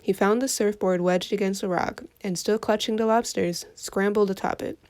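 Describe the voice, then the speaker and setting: A woman reading a folktale aloud for children in an expressive storytelling voice. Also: medium pitch, normal speed.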